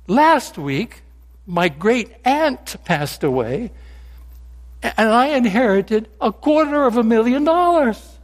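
A man voicing an excited friend bragging about his inheritances as he builds toward a punchline. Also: very high voice, slow, long reverb tail, pitched above the performer's own voice, exaggerated voice. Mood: eager.

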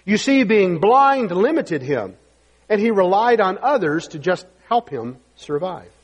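A man's voice: high voice, big pitch swings, measured pace, slightly rough. A man preaching a sermon emphatically in a church and reading scripture aloud. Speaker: pastor. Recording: long hall reverb.

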